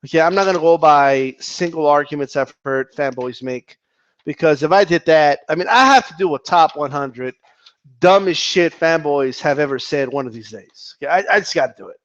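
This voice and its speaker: A man giving casual commentary on a vlog, animated and profane, rambling and restarting his sentences. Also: a little high, normal speed, muffled recording. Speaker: boxing commentator.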